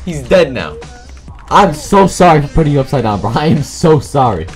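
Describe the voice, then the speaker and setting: A high-voiced man trash-talks his way through an online shooter, swinging his pitch all over the place. His talk is loud, crude and excitable, with game music and gunfire playing underneath. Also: moderate pace. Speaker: gaming video creator. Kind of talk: gameplay commentary.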